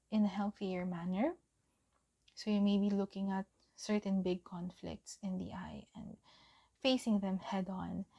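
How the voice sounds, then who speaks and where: Young woman from the Philippines, soft tarot reader, slow and mellow. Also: medium pitch. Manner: gentle, soft-spoken, often drops to a whisper. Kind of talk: pick-a-card tarot reading.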